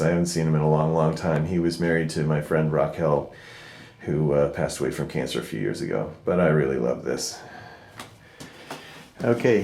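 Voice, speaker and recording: There's slight background noise as a middle-aged man with a low voice leads a vlogger-style tour of the art in his home, walking through its rooms. He talks about the works warmly and fondly, pausing often and using many fillers, and his voice softens and trails off at the close of each thought.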